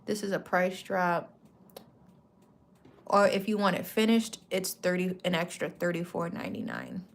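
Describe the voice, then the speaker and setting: A woman's voice: lowish voice, unhurried, vocal fry. Chatty woman rambling through a craft vlog. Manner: rambling, chatty, corrects herself mid-sentence; relaxed slang-filled talk. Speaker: craft vlogger. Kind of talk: casual chatty product walkthrough.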